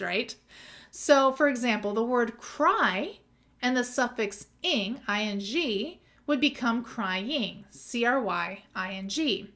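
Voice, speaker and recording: A woman's voice: on the high side, fairly bright tone. A woman teaching as an exam tutor in a methodical lesson, spelling out words letter by letter. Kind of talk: scripted lesson.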